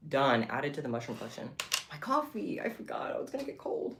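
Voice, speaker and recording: Animated low-voiced woman chatting on stream. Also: a little fast, echoey room, noisy background. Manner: chatty and excitable, talking to chat. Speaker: livestreamer making bead bracelets. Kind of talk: casual livestream chat.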